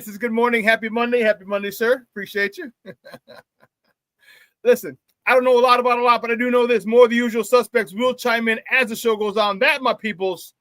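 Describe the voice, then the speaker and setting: A man hosting a live sports talk show, hyped and laughing often as he shouts out viewers in the chat. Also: very high voice, dry recording.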